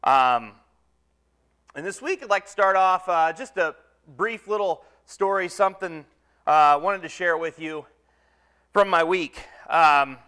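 A man's voice: high-pitched, a little slow, pushed and bright, clean tone. A man preaching a conversational sermon from the pulpit, folksy and self-deprecating, with lots of ums and uhs. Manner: folksy, self-deprecating humor with many fillers.

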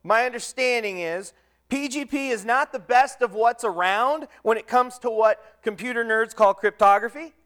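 A male preacher with a fairly high, smooth and resonant voice gives a relaxed, conversational sermon. He talks in a folksy way, pokes fun at himself and fills his pauses with ums and uhs. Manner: folksy, self-deprecating humor with many fillers.

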